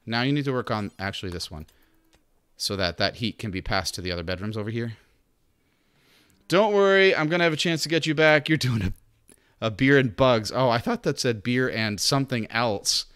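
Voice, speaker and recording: A man's voice: medium pitch, brisk, fairly bright tone, clean tone. A man streaming a video game, chatting casually and talking to the game's characters. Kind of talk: casual gameplay commentary.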